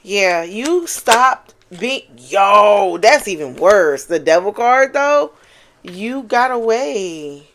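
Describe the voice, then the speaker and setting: A woman talks through a tarot spread in a loose, chatty way. She swears freely and gets animated, breaking into exclamations. She repeats her key lines for emphasis, at a voice pitch in the middle range for a woman. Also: slow pace, slight background noise. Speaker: tarot card reader. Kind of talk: casual channeled tarot reading.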